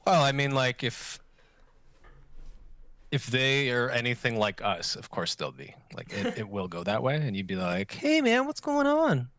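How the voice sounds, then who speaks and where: A man's voice: medium pitch, moderate pace, a bit bright, no echo, studio quality. A man co-hosting a casual podcast over an online call, rambling and joking. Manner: rambling, joking, puts on silly voices. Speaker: podcast co-host. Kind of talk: casual chat.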